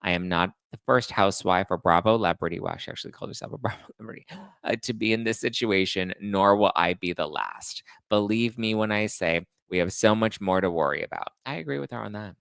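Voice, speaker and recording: Sarcastic, chatty man with a gravelly low voice. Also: fast, a bit bright, dry recording, studio quality. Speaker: host. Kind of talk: casual chat reading viewer comments.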